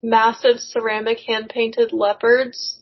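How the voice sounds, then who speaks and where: A young adult woman co-hosting a podcast over a remote call, chatting casually in an excitable, rambling way that often tips into giggles. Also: a little high, slow, highs cut off, slight background noise. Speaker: podcast co-host. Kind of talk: casual chat. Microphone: remote call microphone.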